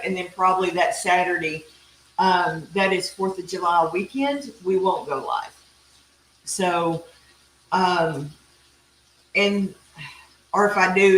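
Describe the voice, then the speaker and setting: A middle-aged woman with a Texan accent hosts a live cooking stream. She talks in a chatty, folksy way and drifts into rambling asides. The room is echoey, with a faint hiss underneath. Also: on the low side. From Texas. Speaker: cooking show host. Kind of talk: casual live-stream chat while grilling.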